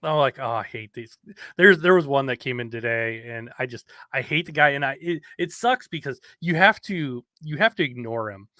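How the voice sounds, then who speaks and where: A man's voice: medium pitch, animated, moderate pace, hardly any pauses, bright, forceful tone, no room sound, clean studio sound. A man talking frankly and a bit self-deprecatingly about difficult customers in a casual podcast chat.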